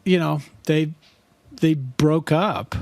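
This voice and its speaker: A man's voice: a little high, slow pace, gravelly, a little mellow, no echo. A man co-hosting a podcast in casual chat, chatty and rambling, swearing casually now and then. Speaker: podcast co-host.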